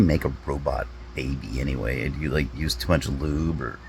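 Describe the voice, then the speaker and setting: A man, a comedy vlogger, rambling through deadpan rhetorical questions with drawn-out pauses. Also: rumbling low, gravelly, low-quality recording. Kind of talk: deadpan musing monologue.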